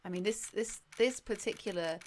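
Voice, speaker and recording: A woman's voice: mid-range voice, normal speed, a little hiss or hum. A woman streamer chatting casually and swearing freely while she plays through a video game.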